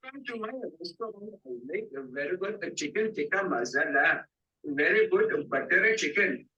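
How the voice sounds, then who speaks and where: Bright, hard-selling restaurant owner, put on by a man, heard as a dull distant clip. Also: high voice, animated, moderate pace. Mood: pushy. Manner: hard-selling, broken English. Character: pushy male restaurant owner touting his food. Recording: distant muffled clip playback.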